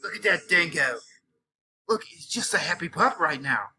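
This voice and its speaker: A man's voice: on the high side, expressive, moderate pace, bright, forceful tone, breathy edge. A male teacher with a cold, hamming it up as a safari guide in a playful mock nature documentary and tossing out Aussie slang. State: has a cold.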